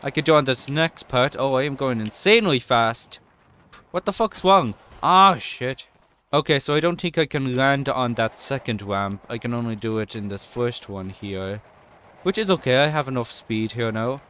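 A young man with a non-American English accent doing casual let's-play commentary, chatty and excitable, swearing and yelping at in-game mishaps. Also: mid-range voice, moderate pace, clean tone. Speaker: gaming YouTuber.

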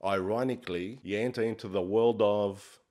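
A man's voice: fairly low pitch, steady tone, moderate pace, darkish tone, lightly acted. A man playing a brash, crude life coach, swearing in a swaggering, mock-profound comic monologue. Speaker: comedy character host.

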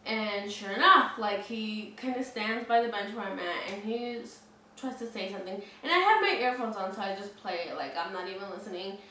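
A woman's voice: mid-range voice, lively intonation, brisk, bright, forceful tone. A woman in her twenties telling a story casually, chatty, with lots of "like" and frequent swearing. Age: 20s. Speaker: vlogger. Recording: very echoey room, mic at a distance, faint noise.

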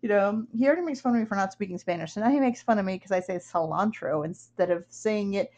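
Young woman, artist streamer, casual rambling chat, mid pitch, slightly dull audio. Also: fast talker, a little mellow. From upstate New York, USA. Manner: rambling, chatty, laughs often. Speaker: artist streaming her work. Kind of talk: casual chat while drawing.

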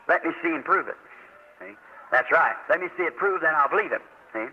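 A man's voice: fairly high pitch, animated, a little fast, a little hiss or hum. A man, preaching a sermon in a folksy, emphatic manner on a dull old tape recording.

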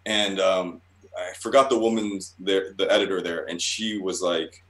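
A man's voice: low voice, fairly even intonation, moderate pace, fairly bright tone. A man, a guest cartoonist, telling loose and profane stories in a casual interview and laughing at himself. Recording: roomy echoey room.

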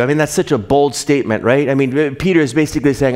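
A pastor preaching a sermon, rising for rhetorical questions and dropping soft when reading scripture. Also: male voice, mid-range voice, fast talker, few pauses.

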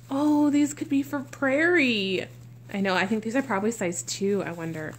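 A woman vlogger talks her way through an unboxing, gushing, exclaiming and gasping often. Her voice is high and slow, with lively intonation.

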